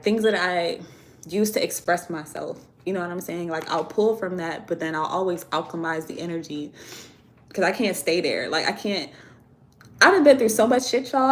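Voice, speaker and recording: Chatty young woman on a phone livestream. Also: on the low side. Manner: chatty, laughs often, slangy and candid. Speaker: livestream host, tarot and oracle deck creator. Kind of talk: casual livestream chat reading viewer comments.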